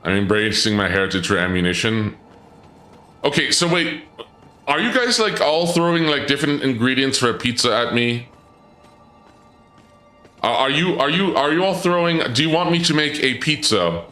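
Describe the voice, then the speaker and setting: A man live-streaming, chatting with his viewers in an excitable, stammering way, his voice often leaping up when surprised. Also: medium pitch, normal speed. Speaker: livestreamer. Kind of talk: live-stream chat banter. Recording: echoey room with game music behind.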